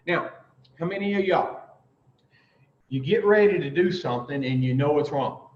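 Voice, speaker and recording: A man with a slightly high voice leads a recovery class, laying out the steps with emphatic, drawn-out pauses and plain, profane bluntness. He sounds distant from the mic, in a roomy space with a dull, lo-fi tone. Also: a little mellow, slight background noise. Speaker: recovery speaker teaching the twelve steps. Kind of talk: informal recovery talk to a group.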